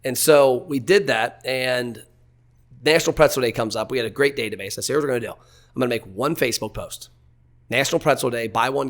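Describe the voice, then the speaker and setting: A man in his forties talks as a guest on a podcast. He tells stories plainly and bluntly, with casual swearing, in a mid-pitched voice. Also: fairly bright tone. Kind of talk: casual storytelling.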